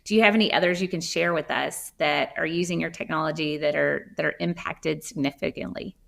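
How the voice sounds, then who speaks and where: A woman's voice: deep voice, fairly even intonation, fairly quick, vocal fry, fairly bright tone. A woman interviewing a business guest, giving brief affirmations and asking prepared questions. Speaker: magazine publisher, interviewer.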